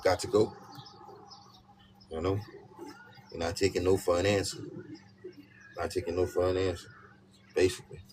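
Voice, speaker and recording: A man with a fairly low voice gives a loose, casual tarot reading. He talks emphatically, circling back to the same phrases again and again. Steady noise and birdsong sit clearly behind him. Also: normal speed, long pauses. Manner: repetitive, emphatic, peppered with "you know what I'm saying". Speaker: tarot reader.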